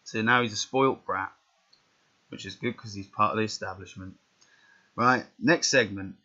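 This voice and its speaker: A man's voice: lowish voice, moderate pace, sharp tone. Rambling man commentating a game. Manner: rambling, muttered asides and self-corrections. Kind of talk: casual game commentary, reading out results. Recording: dull lo-fi recording.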